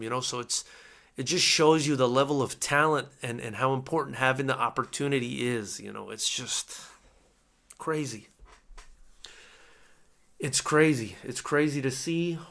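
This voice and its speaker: Bright-voiced emotional male fight streamer. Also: medium pitch. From United States. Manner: excitable, repeats himself, emotional. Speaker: boxing live-stream host. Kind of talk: live fight companion commentary.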